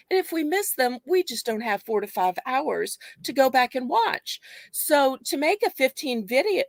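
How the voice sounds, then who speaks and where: Lively, high-voiced woman explaining. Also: no room sound. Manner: polite, explaining at length. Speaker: guest reseller. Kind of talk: casual livestream chat.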